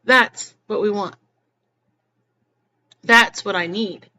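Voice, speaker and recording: Speaking slowly at a medium pitch with a sharp tone, a woman addresses her audience earnestly in a meandering personal vlog about spiritual topics. She often begins sentences over again. The sound is a bit muffled and carries faint background noise.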